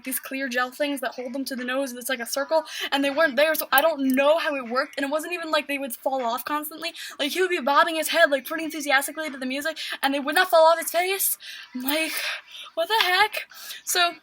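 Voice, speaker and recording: A woman's voice: sits high, bright, forceful tone, a little hiss or hum, poor audio. A teenage girl vlogging a casual story at home, rambling with lots of fillers. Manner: rambling, filler-heavy with constant "like".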